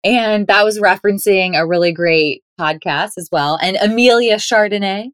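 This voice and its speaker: Her mid-range voice is clear, resonant and a bit bright, moving at a moderate pace in a clean, echo-free studio. As a guest on a podcast interview, she keeps the conversation upbeat and playful and laughs a lot.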